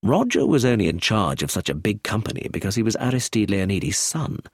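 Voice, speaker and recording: Man playing a stern official from a storybook, low husky voice, cold and formal. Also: very animated, fairly quick, no room sound, studio quality, heavily acted. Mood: cool. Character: cool, formal older police official.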